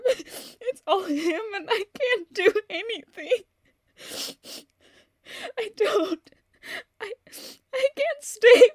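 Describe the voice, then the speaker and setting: A woman's voice: very high-pitched, no echo, clean studio sound, full character voice. A woman playing a tearful, stammering young woman in grief. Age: young adult. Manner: halting, stammering restarts. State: tearful, voice breaking. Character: grieving young woman, distraught, bent on revenge. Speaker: voice actor. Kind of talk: audio drama monologue.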